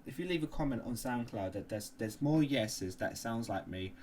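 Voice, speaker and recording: A man's voice: mid-range voice, expressive, normal speed, darkish tone, a little hiss or hum. A man co-hosting a casual podcast, boisterous, swearing and laughing often. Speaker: podcast co-host.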